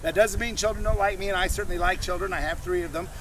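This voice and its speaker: A man in his fifties doing a live crowd-work comedy show at a fair, bantering loudly and chuckling at his own jokes. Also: high voice, fairly even intonation, fast talker, low-quality recording. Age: 50s. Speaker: street comedy performer. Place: outdoors at a busy renaissance fair. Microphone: handheld camera in the audience. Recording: loud outdoor crowd on a windy day.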